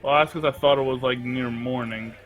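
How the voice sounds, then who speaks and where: A man's voice: mid-range voice, steady tone, fairly quick, narrow, tinny audio, soft background music. A man playing in a tabletop game, talking in a blunt, wry, casual way. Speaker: player.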